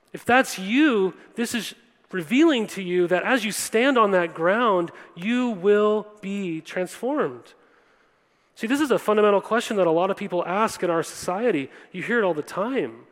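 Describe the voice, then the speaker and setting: A young man preaching a sermon earnestly, addressing listeners directly and often checking in with "right?". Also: sits high. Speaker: pastor. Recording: long hall reverb.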